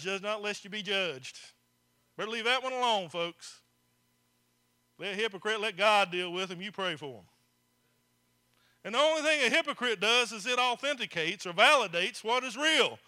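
A man's voice: high voice, animated, normal speed, bright, forceful tone. A man preaching a folksy sermon to his congregation, speaking to them directly. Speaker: pastor. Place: church.

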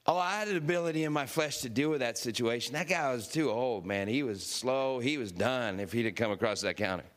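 A man's voice: medium pitch, brisk, hardly any pauses. Laughing male preacher telling a story. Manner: lively, laughing storyteller who acts out quotes. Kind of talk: storytelling sermon.

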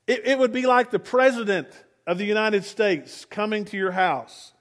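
Man, pastor, sermon, conversational storytelling, high-pitched voice. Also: normal speed, fairly bright tone.

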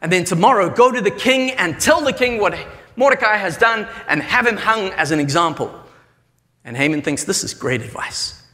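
A high-voiced, bright man preaches, retelling a story and acting out each character's lines with energy. His voice rings out with a long reverb, as if in a large hall. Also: animated, normal speed. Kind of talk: sermon storytelling.

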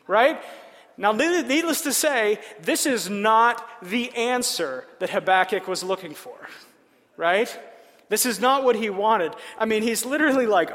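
High-voiced preacher in a reverberant hall. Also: male voice, lively intonation, unhurried, a bit bright. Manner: conversational, checks in with listeners by asking "right?". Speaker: pastor. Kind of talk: sermon.

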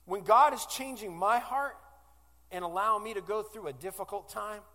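A man in his forties preaching a sermon as pastor, moving from loud declarations to hushed pleas. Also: high voice, moderate pace, big-room sound. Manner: impassioned, swinging from loud declarations to hushed, tearful-sounding pleas.

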